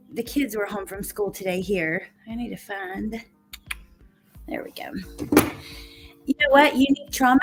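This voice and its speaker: A woman's voice: fairly high pitch, fairly bright tone. A woman hosting a true crime livestream from home, chatting casually, greeting viewers by name and laughing easily. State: a little out of breath. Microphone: computer mic at desk.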